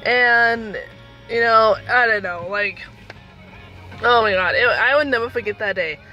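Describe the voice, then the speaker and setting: A woman's voice: fairly high pitch, a little slow, muffled recording, soft background music. A woman in her thirties telling a personal story in a casual, chatty way, full of fillers. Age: 30s. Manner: chatty, animated, lots of fillers. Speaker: vlogger.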